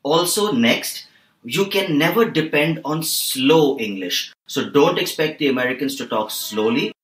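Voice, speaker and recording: A man working as a voice and accent trainer, explaining calmly and steadily in a podcast interview. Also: a little high, reverberant, poor audio. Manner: calm, measured explainer.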